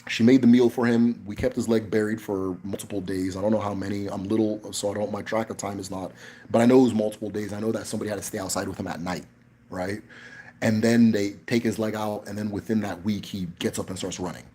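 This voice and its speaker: A man's voice: on the low side, fairly even intonation, fast, warm tone, breathy edge. A man hosting a casual livestream Q&A, talking in a blunt, emphatic way with frequent profanity. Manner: emphatic, blunt, profane, tags points with "right?". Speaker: livestream host.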